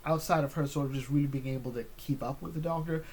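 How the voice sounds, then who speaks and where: A man's voice: fairly high pitch, steady tone, quick pace, a little mellow, slight background noise. A man chatting casually as he reviews an episode, rambling with many fillers and restarts.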